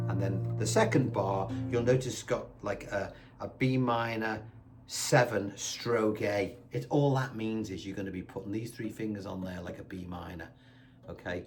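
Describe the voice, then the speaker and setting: A low-voiced man talks through a guitar lesson in a chatty, reassuring way. He counts the beats aloud over loud guitar playing. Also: fairly even intonation, normal speed. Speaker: guitar teacher. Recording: guitar playing loudly behind the voice.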